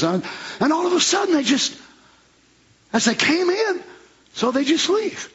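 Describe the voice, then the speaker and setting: A man preaches with a strikingly high, bright voice. He drops low for plain talk, then breaks into shouted, fiery bursts. The recording sounds dull and lo-fi. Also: very animated, unhurried, long pauses. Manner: shouting bursts, folksy Southern-style grammar. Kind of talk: fiery sermon.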